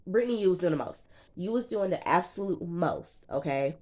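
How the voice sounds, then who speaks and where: Low-voiced woman recapping reality TV. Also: animated, normal speed, a little mellow. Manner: sassy and chatty, talking straight to the viewer. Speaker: TV reviewer. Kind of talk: casual reality-show recap.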